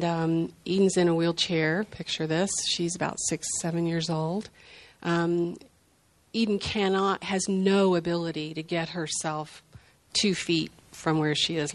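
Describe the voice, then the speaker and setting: An older grandmother telling a heartfelt personal story in an unhurried, reflective way. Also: deep voice, level tone. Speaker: group sharer.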